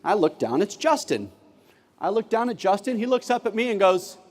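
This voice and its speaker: This keynote speaker, once a teacher, has a high-pitched voice and speaks at an ordinary pace. He storytells with animation, performing classroom exchanges, and the big conference hall around him echoes.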